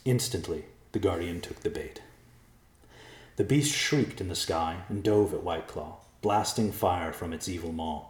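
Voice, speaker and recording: A man narrating a storybook in a measured, dramatic way. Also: sits low, reverberant.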